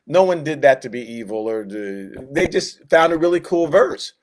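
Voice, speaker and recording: A man's voice: on the high side, expressive, moderate pace, few pauses. A man teaching a Bible class in a casual, conversational way, with joking asides and quoted voices acted out. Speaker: Sunday school teacher.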